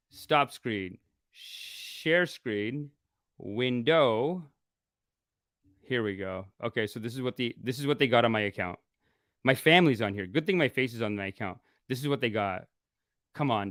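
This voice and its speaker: A man, a spiritual teacher, chatting casually to his viewers in a live stream, animated and full of exclamations. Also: mid-range voice, measured pace, long pauses, dry recording, soft background music. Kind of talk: casual livestream chat.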